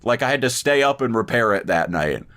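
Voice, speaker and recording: A man's voice: medium pitch, animated, fairly quick, a bit bright. A man on a podcast telling a long, rambling story in casual chat, swearing freely and restarting his sentences often. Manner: rambling, profane, frequent restarts. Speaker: podcast co-host.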